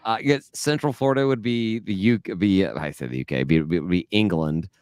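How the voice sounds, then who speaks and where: Joking low-voiced Southern man. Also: brisk, a little mellow, dry recording, studio quality. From American South. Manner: joking, blunt, opinionated. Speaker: podcast co-host. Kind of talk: casual banter.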